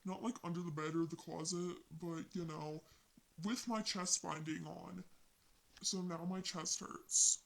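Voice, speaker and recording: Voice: medium pitch, fairly even intonation, unhurried, gravelly, a bit bright, rough recording. A young vlogger casually retelling text conversations in a slangy, rambling way. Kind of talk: casual storytelling vlog.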